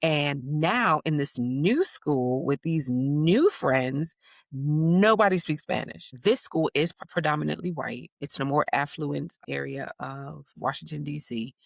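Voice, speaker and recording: In a conversational interview, a U.S.-born woman in her thirties tells family stories as a guest, acting out her children's voices. Her voice is deep with vocal fry and a measured pace, recorded at studio quality with no echo.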